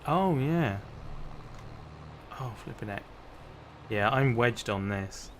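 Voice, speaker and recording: Slow-talking English livestreamer man. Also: medium pitch, expressive, fairly bright tone. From Hampshire, England. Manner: chatty, laughs often, greets viewers. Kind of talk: casual gameplay chat. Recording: clear game noise behind.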